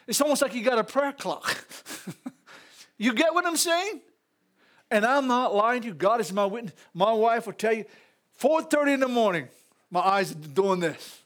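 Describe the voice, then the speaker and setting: At a normal speed and with a voice that sits high, a Louisiana-accented male pastor preaches in church. He animates the sermon with call-outs and chuckling asides aimed at the congregation.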